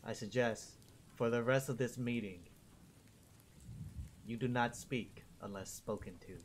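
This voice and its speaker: A man voicing a commanding female queen who questions people in a low, measured, stern way. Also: slight background noise, natural voice.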